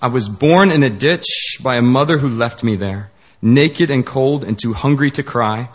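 A man's voice: mid-range voice, normal speed, natural voice. A man voicing a bitter, self-hating young woman outcast with sarcastic, anguished outbursts.

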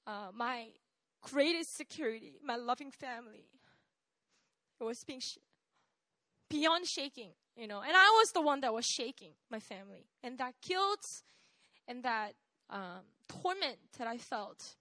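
A young woman, telling a personal testimony in an animated way, laughing often and checking in with "right?". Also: fairly high pitch, a little slow, no echo. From South Korea. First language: Korean. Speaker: speaker sharing a testimony.

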